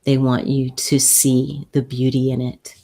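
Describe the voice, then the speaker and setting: A woman hosting a live spiritual advice chat and reading oracle cards. She talks gently and soothingly, halting often and repeating herself as she goes. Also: very deep voice, completely flat delivery. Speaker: host and spiritual healer.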